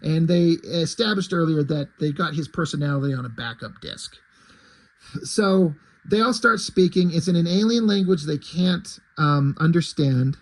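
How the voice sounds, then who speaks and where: A man's voice: on the high side, animated, normal speed, low-quality recording. A man reviewing a comic book in a loose, casual chat, swearing now and then and paraphrasing the dialogue in a plain reading voice.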